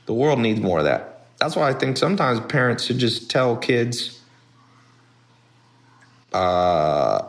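A man hosting a podcast, talking in a blunt, rambling casual monologue with animated asides. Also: mid-range voice, slow pace, pauses often, roomy sound. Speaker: podcast host.

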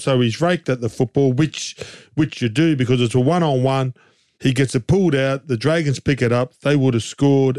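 An Australian man co-hosting a casual sports chat, animated and jokey, rambling through his points with restarts and rhetorical questions. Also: medium pitch, no room sound, studio quality. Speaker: co-host and game commentator.

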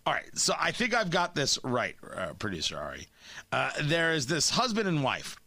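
A man hosting a talk radio show, talking in an animated, opinionated way into a studio microphone. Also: fairly high pitch, normal speed, no room sound.

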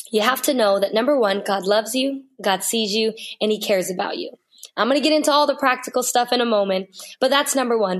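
A woman guest on a faith interview, telling her personal story in an earnest, heartfelt way and repeating phrases for emphasis. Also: on the high side.

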